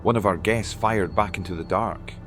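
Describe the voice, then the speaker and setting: A man's voice: low-pitched, normal speed, a bit bright, faint music behind. A man reading scripted documentary narration in a dramatic, suspenseful way.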